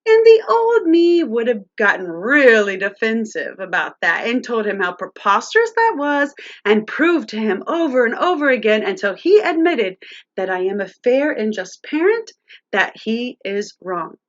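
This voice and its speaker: A woman's voice: a little high, sing-song, measured pace, highs cut off. A woman presenting a live-streamed teaching talk on parenting, speaking directly to viewers and their chat.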